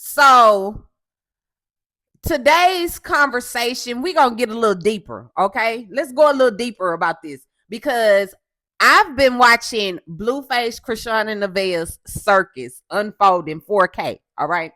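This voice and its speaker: A woman from Houston hosting a casual commentary show, loud and assertive, with a coarse voice, often tagging "okay?". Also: a little high, animated, unhurried, dry recording. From Houston, Texas. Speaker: host.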